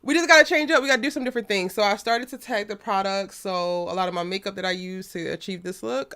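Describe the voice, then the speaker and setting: A woman hosting a live stream, chatty and animated, greeting viewers, her voice still recovering after she lost it. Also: lowish voice. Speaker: host.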